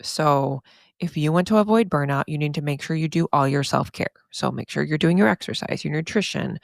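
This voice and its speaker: Woman therapist rambling on her podcast, low voice, dry close sound, lots of y'all. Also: fairly quick, creaky, no echo. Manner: chatty and emphatic, often says "y'all"; frequent laughs and asides. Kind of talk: casual podcast monologue.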